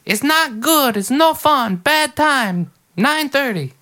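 A man's voice: very high voice, animated, slow pace, pushed and bright, voice pushed up, full character voice. A man voicing a fussy Italian man who gives clipped warnings about bedtime. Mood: stern. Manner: clipped, sing-song warnings.

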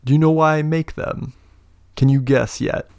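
A man voicing a big, scheming older lord with one good eye who speaks in slow, grandiose speeches and laughs deep and booming. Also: fairly even intonation, a little mellow, no room sound, clean studio sound, close to an everyday voice. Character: imposing older male lord, scheming, one-eyed mentor. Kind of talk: tabletop role-play narration.

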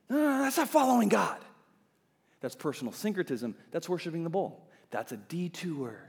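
Animated male preacher in a reverberant hall. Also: fairly high pitch, a little fast. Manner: animated preaching, swinging from soft asides to loud emphasis. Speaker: pastor. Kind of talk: sermon. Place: church sanctuary.

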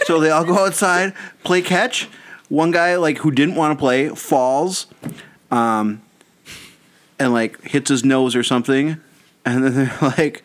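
A man co-hosting a podcast, telling a long story in a casual, animated way and often breaking into laughter. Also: on the high side, unhurried. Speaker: podcast co-host. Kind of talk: casual chat.

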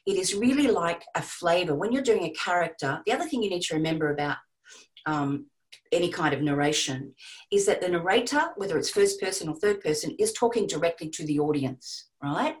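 A woman giving casual, animated advice on audiobook narration to a group. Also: fairly low pitch, fairly quick, poor audio. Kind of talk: casual teaching talk to a group.

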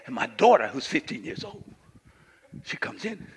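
A man from Louisiana, preaching a sermon as pastor and swinging between quiet asides and shouted lines. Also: medium pitch, big pitch swings, moderate pace, slightly rough. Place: church sanctuary. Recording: live church hall reverb.

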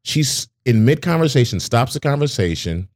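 Lively, animated male storyteller. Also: moderate pace, no room sound, clean studio sound. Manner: animated storyteller, acts out quotes in a high voice. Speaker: podcast co-host. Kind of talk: casual storytelling chat.

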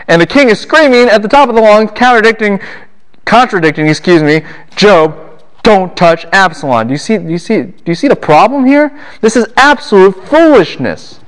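A man lecturing a class on the Bible, animated and full of rhetorical questions. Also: sits high, brisk.

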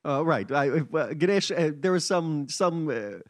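A wry, irreverent man co-hosting a casual podcast, explaining stories with plenty of halting fillers. His voice sits a little high for a man. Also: animated. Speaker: podcast co-host. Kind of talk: casual panel chat.

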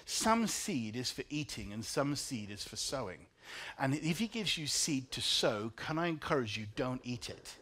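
Man preaching a sermon, stories softly told. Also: medium pitch, sing-song, moderate pace, a little hiss or hum. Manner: personal storytelling with emotional swings, soft then rising. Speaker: pastor.

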